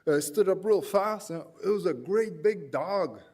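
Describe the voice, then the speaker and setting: A man's voice: high voice, lively intonation, a little slow, a little mellow. Rambling man telling stories. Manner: rambling, self-deprecating, with many restarts. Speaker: presenter at an education forum. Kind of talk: anecdotal storytelling talk.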